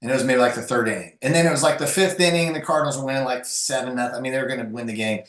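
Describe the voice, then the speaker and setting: A man speaking as an interview guest, telling personal stories in an animated, conversational way with frequent restarts. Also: mid-range voice, racing. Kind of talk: conversational storytelling. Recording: echoey room.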